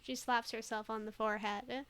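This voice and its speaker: A woman's voice: a little high, fairly even intonation, normal speed, a bit bright, clear, resonant tone. Giggly woman streamer talking over a game. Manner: giggly, chatty, thinks aloud with many fillers. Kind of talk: casual let's play commentary.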